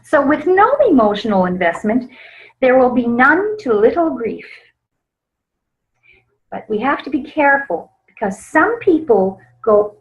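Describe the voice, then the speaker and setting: A woman presenting a webinar on grief in a gentle, soft-spoken way with small laughs. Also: medium pitch. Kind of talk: teaching webinar talk. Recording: slightly dull lo-fi webinar audio.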